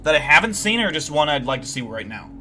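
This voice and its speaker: A young man hosting a livestream, telling deadpan, boastful tall tales in a rambling way full of fillers. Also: on the high side, fast talker, faint music behind. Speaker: livestream host. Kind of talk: comedic in-character livestream storytelling.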